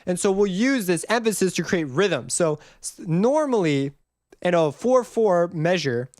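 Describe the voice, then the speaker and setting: A man's voice: high-pitched, animated, unhurried, darkish tone, no echo, studio quality. Rambling man teaching music theory. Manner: rambling, self-correcting, hums and counts notes aloud. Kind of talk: casual screen-recorded tutorial.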